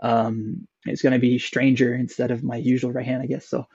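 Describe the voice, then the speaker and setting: This young man speaks Canadian English in a husky, darkish voice, level in tone and moderate in pace. As a podcast guest, he casually tells a long personal story, rambling with frequent fillers and restarts, on dull low-fidelity audio.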